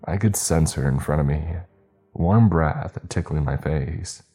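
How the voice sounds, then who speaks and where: Brief: man, extremely low, dark voice, steady story narration, faint music behind. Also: measured pace, husky. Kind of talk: first-person story narration.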